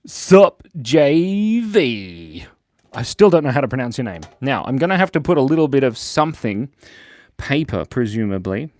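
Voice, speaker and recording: A man with a mid-range voice, recorded dry, chats playfully while drawing on a casual livestream. He often giggles and reads viewer comments aloud.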